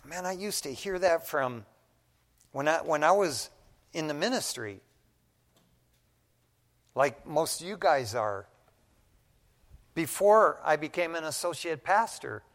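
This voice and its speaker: Middle-aged male pastor, folksy and animated, slightly high voice, church reverb. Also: takes it slowly, long pauses. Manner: folksy, animated storytelling preacher, says "man" often. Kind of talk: conversational sermon. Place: church sanctuary. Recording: long reverb of a large church hall.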